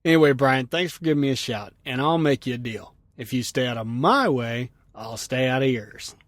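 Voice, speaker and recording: A male truck driver hosts his own podcast and talks through listener letters in a loose, chatty way. He chuckles often and fills his sentences with "you know." His voice sits at an ordinary middle pitch, and the sound is close and dry, with no room around it. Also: normal speed, no room sound. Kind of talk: casual podcast chat answering listener mail.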